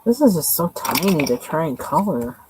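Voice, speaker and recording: A woman streaming live, talking quietly to herself in casual chat as she colors a drawing. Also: deep voice, very animated, moderate pace, noisy background. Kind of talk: casual self-talk while coloring.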